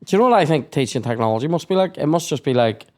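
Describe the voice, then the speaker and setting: Animated and rapid-fire, this young man hosts a podcast in a fairly high pitch, swearing his way through school stories and performing shouted quotes during casual conversation.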